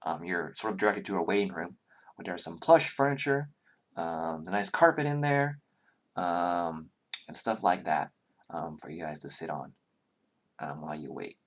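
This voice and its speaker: Halting man narrating as game master. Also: low-pitched, animated. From Southern US. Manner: halting, many fillers.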